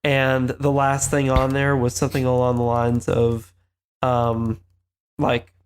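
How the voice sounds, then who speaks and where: A man's voice: mid-range voice, monotone, slow, a little hiss or hum. A man co-hosting a podcast in casual film chat, rambling and losing his train of thought. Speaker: podcast co-host.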